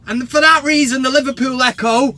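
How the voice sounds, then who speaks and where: An English man hosting a football fan vlog, talking to camera in an animated, sarcastic rant and swearing freely. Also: very high voice, a little fast.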